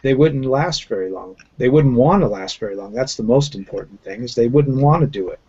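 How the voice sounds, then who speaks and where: A man's voice: mid-range voice, expressive, a little fast, crowd noise. A man giving blunt, scornful opinions in casual chat on a group video call, with frequent fillers. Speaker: round table panelist. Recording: dull lo-fi call audio.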